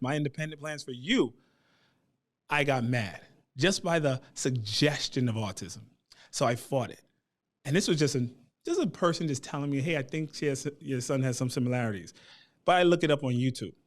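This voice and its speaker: A man in his thirties as a guest, telling a personal family story in a lively way and acting out the voices of the people he quotes. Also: mid-range voice. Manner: animated, acts out quoted voices.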